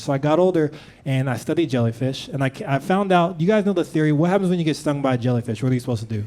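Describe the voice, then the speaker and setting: A man doing a stand-up set in a club, animated storytelling with quick put-on voices. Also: fairly high pitch. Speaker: stand-up comedian. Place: comedy club stage with audience. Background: audience laughter.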